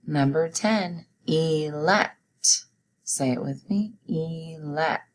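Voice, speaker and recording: A woman teacher giving a recorded spelling test, reading each word slowly and deliberately and pronouncing it clearly. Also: low-pitched, a little hiss or hum, low-quality recording. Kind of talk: recorded classroom spelling dictation.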